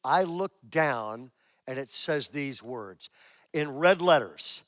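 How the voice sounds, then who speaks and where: A pastor in his sixties preaches to his congregation in a slow, mid-range, slightly bright voice, recorded cleanly in a studio with no echo. He tells a story animatedly, acts out his own prayers, and puts questions to the congregation.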